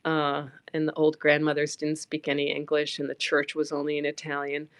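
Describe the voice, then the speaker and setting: Blunt low-voiced New woman. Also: fairly quick, no echo. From New York. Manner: blunt, animated, emphatic storytelling. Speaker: livestreamer. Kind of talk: casual personal storytelling.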